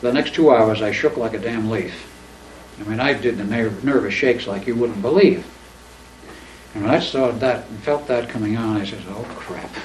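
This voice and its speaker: A man's voice: fairly low pitch, normal speed. Man telling a rambling story in a roomy living room. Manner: rambling, animated, acts out quoted dialogue. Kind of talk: casual anecdotal storytelling. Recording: roomy, distant mic, faint background noise.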